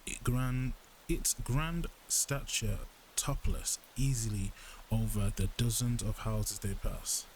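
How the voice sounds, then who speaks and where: A man's voice: medium pitch, fairly even intonation, slow pace, slight background noise. A man reading a visual novel aloud and chatting casually between passages, calling his viewers bro. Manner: casual, says bro often. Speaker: gaming YouTuber.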